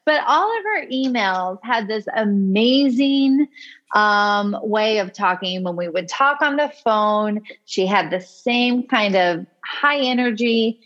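A woman co-hosts a podcast and tells a personal story with lively energy. Her voice sits at a middling pitch. The audio is a little dull and lo-fi. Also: slow. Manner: animated, acts out quoted speech. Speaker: podcast co-host. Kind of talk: casual storytelling chat.

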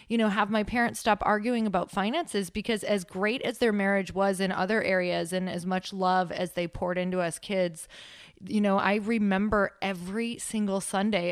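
A woman's voice: mid-range voice, clear, resonant tone, no room sound, clean studio sound. A woman in her thirties, a guest on a podcast, talking openly and reflectively and laughing easily. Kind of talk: podcast interview.

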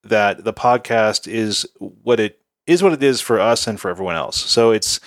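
A man co-hosts a casual podcast, talking in an easygoing, reflective way and hedging as he thinks aloud. His voice is fairly low. The sound is dry and close. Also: normal speed, no room sound. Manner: easygoing, reflective, many hedges and restarts. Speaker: podcast co-host.

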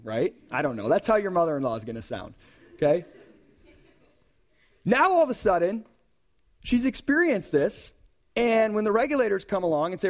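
A man giving a live conference talk in a hall, animated and joking with the audience between points. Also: high-pitched, brisk. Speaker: conference speaker.

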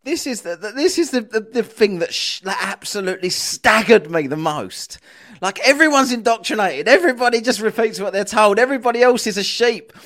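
A man, hosting a podcast and ranting in casual commentary, swearing and animated. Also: very high voice. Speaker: podcast host.

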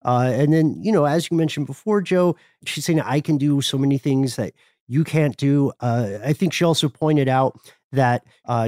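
A man co-hosting a casual history podcast, retelling events in an animated way and jumping into voiced quotes. His sound is dry and close, with no room around it. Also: medium pitch, no room sound. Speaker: podcast co-host.

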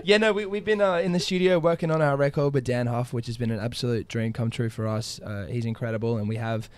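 A man's voice: mid-range voice, fast talker, clean tone. A man with an Australian accent, a guest musician in a casual interview, talking in a rambling, enthusiastic way with lots of fillers. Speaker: country music duo member, guest.

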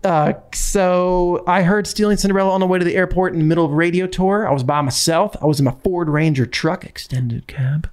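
A man's voice: high-pitched, fairly quick, few pauses, smooth. A man in his thirties hosting a podcast, chatting casually and rambling with lots of fillers. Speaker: podcast host and country singer. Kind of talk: casual chat.

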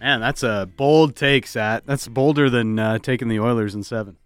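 A man hosting a sports radio show, bantering casually and laughing often, then wrapping up with a brisk sign-off. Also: mid-range voice, smooth, soft background music. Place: radio studio.

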